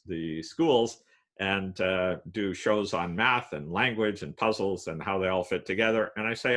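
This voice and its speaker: A man giving a playful lecture on wordplay, explaining puns with many filler pauses. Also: on the low side, a bit bright. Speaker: guest lecturer.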